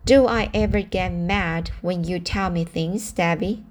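A woman reading aloud as a gentle, patient young woman who asks soft, kind questions. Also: on the low side, unhurried, a little hiss or hum, close to an everyday voice.

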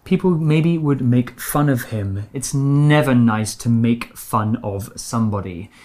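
A woman's voice: very deep voice, warm tone. British woman teaching English vocabulary. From Britain. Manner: slow, clear explanations with example sentences. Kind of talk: bilingual radio English lesson.

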